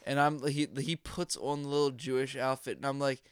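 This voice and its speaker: A man's voice: mid-range voice, fairly even intonation, fairly quick, a bit bright, smooth, no echo, clean studio sound. A young man in casual podcast chat, rambling with lots of slang and filler words.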